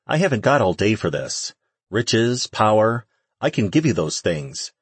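A man reading the part of a haughty, sarcastic female demon in an audiobook, with a low, husky voice. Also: big pitch swings, a little slow, no echo, exaggerated voice. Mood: sardonic. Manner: mocking, dismissive.

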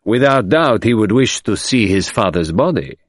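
A cold, unruffled detective, played by a male audiobook reader, speaks smoothly, with an undercurrent of menace. The voice sits low, and the reading is dry and close. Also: lively intonation, moderate pace, no room sound. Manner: smooth and imperturbable.

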